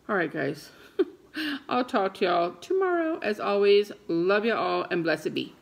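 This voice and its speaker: A woman's voice: medium pitch, a little slow, creaky. A middle-aged woman, chatting casually and dramatically to her vlog viewers from home. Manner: animated, dramatic storytelling. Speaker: vlogger.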